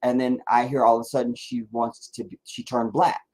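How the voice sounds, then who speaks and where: A man's voice: mid-range voice, level tone, brisk, a little mellow, husky. A man hosting a casual livestream, ranting and rambling with heavy profanity. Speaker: livestream host.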